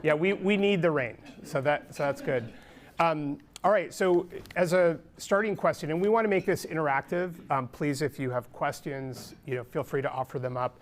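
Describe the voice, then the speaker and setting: A man's voice: on the high side, moderate pace. A man from California hosting a live panel discussion on a conference stage, speaking steadily with frequent ums and restarts. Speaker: panel moderator. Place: conference stage before an audience.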